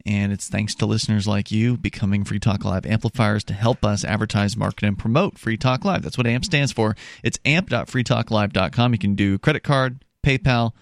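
A man's voice: on the low side, normal speed, few pauses, dry recording. Male call-in radio host, casual with fillers, close studio mic, no room sound. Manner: loose, conversational, with fillers and restarts. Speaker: radio talk show host. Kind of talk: casual talk radio with reads.

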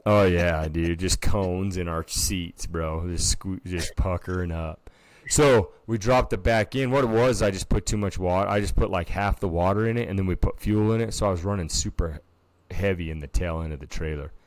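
Telling a story with lots of filler words, this low-pitched podcast co-host keeps a moderate pace and stays animated in casual chat. The recording is dry.

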